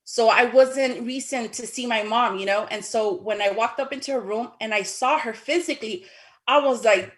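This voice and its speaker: A woman casually telling her own story in an animated way, acting out the dialogue with sudden high exclamations. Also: normal speed.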